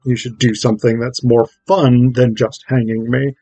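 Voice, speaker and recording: A man casually voicing a defiant starship captain in a flat, dismissive paraphrase. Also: medium pitch, normal speed, no room sound, faint music behind, natural voice.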